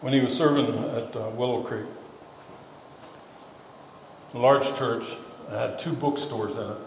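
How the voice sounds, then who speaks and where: A male pastor telling a story in a casual, halting sermon full of fillers and repeated words. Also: medium pitch, steady tone, vocal fry, slight background noise. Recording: echoey hall with faint ambience.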